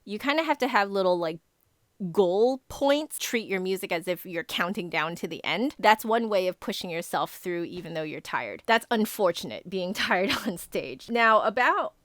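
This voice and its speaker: A woman flute teacher casually answering viewer questions in a relaxed, explanatory way. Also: mid-range voice, moderate pace, dry recording, studio quality. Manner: explanatory, relaxed, hedges with "kind of".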